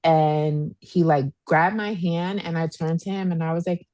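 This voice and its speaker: A woman in her thirties co-hosting a podcast, telling a story in a casual, animated way and acting out what people said. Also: sits low, a little slow, no room sound. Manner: animated storyteller, acts out quotes, says "y'all". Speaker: podcast co-host.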